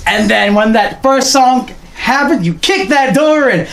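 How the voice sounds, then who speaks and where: A man's voice: high-pitched, measured pace, creaky, few pauses. A man co-hosting a podcast in casual, slangy chat, acting out little voices and laughing as he tells stories. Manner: animated, slangy, acts out voices and laughs often. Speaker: podcast co-host.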